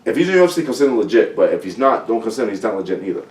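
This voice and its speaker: A man talking as a guest fighter in a casual podcast chat, blunt and profane with animated storytelling. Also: lowish voice, rapid-fire. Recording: roomy sound from a distant mic.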